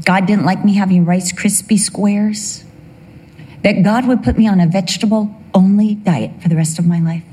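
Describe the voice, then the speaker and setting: A woman's voice: medium pitch, steady tone, normal speed, warm tone, husky. An older woman telling a humorous personal story that turns into a sermon, acting out the voices she quotes. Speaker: speaker giving a testimony.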